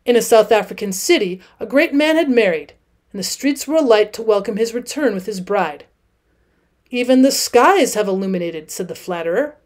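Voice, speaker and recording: Female narrator, higher-pitched voice, measured expressive audiobook reading. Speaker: teacher reading aloud.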